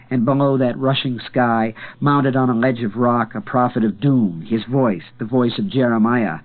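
A man reading a novel aloud in a measured, dramatic narration with slow pauses. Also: medium pitch. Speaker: audiobook narrator. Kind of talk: scripted narration. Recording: tinny phone-like sound.

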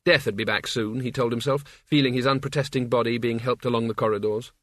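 An audiobook narrator reads a scripted story in an even, measured, mid-pitched voice, keeping his delivery steady and controlled. The recording is dry and close, with no room sound.

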